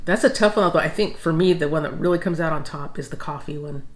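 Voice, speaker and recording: A woman from the United States co-hosting a food vlog, chatting in a casual, lively way during a taste test. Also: low voice, fast, a little hiss or hum. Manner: chatty, laughs easily. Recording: echoey room.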